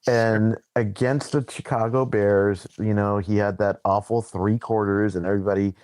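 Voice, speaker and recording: A man's voice: lowish voice, flat delivery, normal speed, darkish tone, no echo. A man co-hosting a podcast in casual chat, telling a rambling, loose story. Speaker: podcast co-host.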